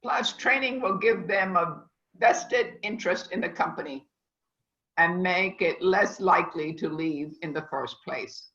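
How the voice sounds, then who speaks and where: Over a video call, a culinary instructor gives an online class lecture in a rambling, emphatic, teacherly way. Her voice sits fairly low, with an unhurried pace and a fairly bright tone. The lo-fi audio sounds echoey and dull.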